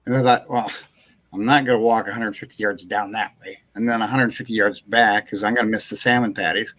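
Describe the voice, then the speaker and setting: A man's voice: fairly low pitch, steady tone, a little fast, fairly bright tone. A man hosting a casual live chat show, telling a long rambling anecdote, chuckling and acting out what people said. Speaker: host.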